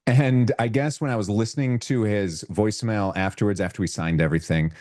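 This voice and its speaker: A middle-aged man hosting a live video call, telling an animated story. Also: on the low side, brisk. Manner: animated, imitates voices when retelling. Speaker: podcast host.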